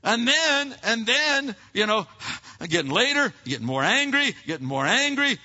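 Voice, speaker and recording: Bright-voiced pastor preaching a casual sermon. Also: male voice, extremely high pitch, very animated, moderate pace. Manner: conversational preaching with frequent restarts and repeated words. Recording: dull lo-fi recording.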